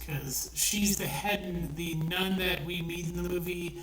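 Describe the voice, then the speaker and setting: A woman's voice: on the low side, slow pace. A woman giving a blunt, profane, exasperated movie review with lots of restarts. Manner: blunt, swears often, exasperated ranting with restarts. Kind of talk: ranting casual film review. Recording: echoey room, voice a bit far from the mic, faint noise.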